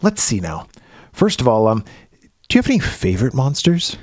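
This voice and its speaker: A man's voice: medium pitch, wildly swooping pitch, normal speed, no room sound, clean studio sound. A man reading a creepy prying uncle. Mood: probing. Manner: soft, prying, overly friendly questioning. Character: creepy middle-aged uncle probing a boy. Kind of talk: reading a film scene aloud.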